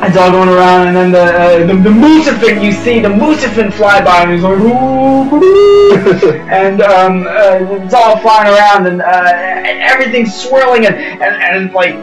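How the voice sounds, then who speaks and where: A man narrating as game master, rambling and excitable with lots of fillers and yelped sound effects. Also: high voice, normal speed, few pauses. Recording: roomy echo from a distance, music behind.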